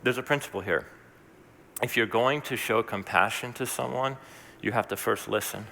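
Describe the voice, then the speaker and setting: A man's voice: on the low side, moderate pace, gravelly, pushed and bright, in a large hall, a little hiss or hum. A man preaching a sermon as pastor, talking in a conversational, earnest way with asides and restarts.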